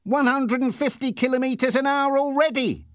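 A man voicing an excitable, rat-faced male hitchhiker who cries out in high, eager shouts. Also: slow. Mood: thrilled shouting. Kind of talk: audiobook character reading.

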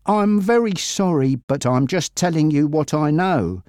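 A man voicing a male police officer delivering bad news quietly and hesitantly in a read-aloud story. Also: fairly high pitch, expressive, measured pace, no room sound, studio quality, voice pushed up. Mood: gentle.

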